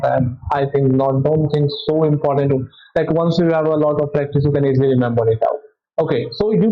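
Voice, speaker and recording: Halting Indian English physics teacher. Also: male voice, on the high side. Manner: halting, self-correcting explanation with many "okay"s. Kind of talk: test solution walkthrough. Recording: dull lo-fi audio.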